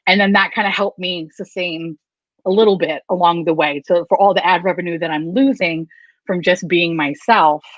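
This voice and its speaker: A woman's voice: fairly low pitch, steady tone, normal speed, no room sound. A woman chatting casually as a guest on a video call, candid, swearing freely and laughing often. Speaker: guest YouTuber. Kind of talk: casual live chat. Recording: dull, lo-fi, dry sound.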